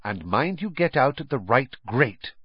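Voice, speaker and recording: A man voicing a fussy, doting middle-aged witch mother with an anxious, higher voice and a husky edge, on a dull, dry recording. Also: sing-song, measured pace, no room sound. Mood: fussing.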